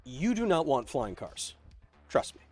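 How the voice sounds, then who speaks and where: A man's voice: medium pitch, huge pitch swings, measured pace, darkish tone. Male host, mid-range voice, casual livestream Q&A, rambling and full of ums, faint music underneath. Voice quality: rambling, filler-heavy, reads chat questions aloud. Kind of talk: livestream Q&A chat.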